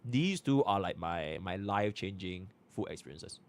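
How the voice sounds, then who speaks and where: His voice sits low, with lively intonation and a moderate pace. He's a young Singaporean live streamer who chats casually as he clicks through menus, muttering to himself and reusing the same fillers.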